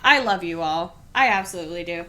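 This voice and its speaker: A woman's voice: on the low side, animated, fairly quick, noisy background. A young adult woman, streaming a game and chatting with viewers in a rambling, earnest way, laughing often and reading chat aloud. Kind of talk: casual let's-play chat with viewers.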